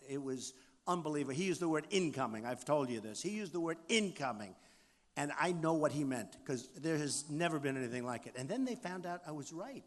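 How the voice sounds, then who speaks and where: Boastful older man at a rally. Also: on the high side. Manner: boastful, repetitive, riffing off the crowd. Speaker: political candidate. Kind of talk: campaign rally speech. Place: large rally venue. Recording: long hall reverb, faint crowd noise.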